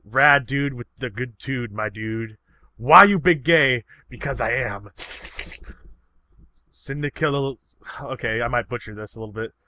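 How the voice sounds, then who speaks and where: A man's voice: medium pitch, measured pace, pauses often, sharp tone, no echo. A man casually answering viewer questions, rambling and swearing freely in an easygoing, unpolished way. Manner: rambling and profane. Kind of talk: casual chat.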